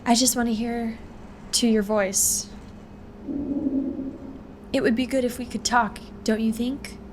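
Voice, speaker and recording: A woman's voice: a little high, fairly even intonation, unhurried, background noise, lightly acted. A woman voicing an eerie ghostly mother who speaks in a creepy, coaxing way.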